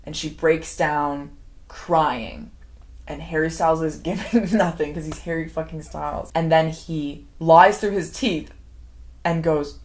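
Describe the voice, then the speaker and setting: A woman's voice: sits low, normal speed, darkish tone. Chatty young woman rambling about a movie. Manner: chatty, heavy use of "like", acts out quoted characters, laughs often. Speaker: film commentary vlogger. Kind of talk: unscripted casual movie recap ramble.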